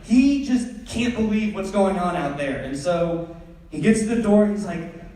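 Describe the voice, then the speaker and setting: Lively young man telling stand-up stories. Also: sits high, normal speed. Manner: animated, acts out scenes. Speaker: stand-up comedian. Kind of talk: storytelling stand-up. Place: theatre stage. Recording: echoey theatre from far off.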